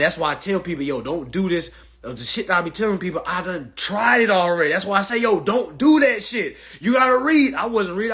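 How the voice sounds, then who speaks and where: Husky guy ranting a story to his viewers, kinda high voice, curses a lot, keeps saying all right. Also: bright, forceful tone. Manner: profane, emphatic, repeats "all right" and "y'all". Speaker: storyteller addressing a live audience. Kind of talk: animated storytelling to an online audience.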